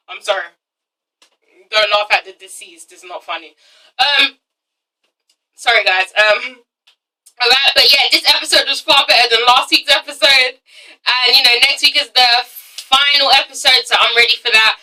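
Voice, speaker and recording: A young woman chatting through a casual TV recap, blunt and a little rambling, forever checking in with "okay?". Her voice sits high and sounds very bright. She is recorded from a short distance off the mic. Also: expressive, normal speed, long pauses. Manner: rambling, keeps tagging sentences with a questioning "okay?". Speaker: TV review vlogger.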